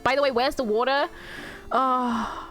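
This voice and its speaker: A woman's voice: high voice, fairly even intonation, a little slow, fairly bright tone, faint music behind. A woman streamer rambling through emotional live commentary on a game, swearing freely and talking back to chat.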